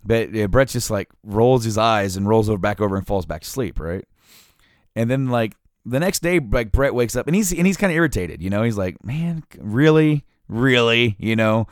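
A man with a lowish, animated voice tells stories in a casual chat, halting and rambling with lots of fillers and restarts. The recording is dry and close to the mic, with no room sound.

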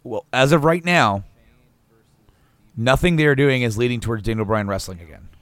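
With a medium-pitched, slightly bright voice at normal speed and no room sound, this man co-hosts a laid-back podcast. He wanders in his talk, starts over often, laughs frequently and drops casual swear words.

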